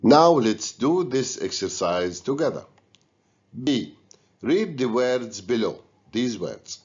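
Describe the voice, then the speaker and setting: A man's voice: mid-range voice, big pitch swings, takes it slowly, a little mellow. A man teaching an English lesson, giving patient step-by-step instructions to students. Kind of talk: recorded classroom lesson. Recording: dull lo-fi recording.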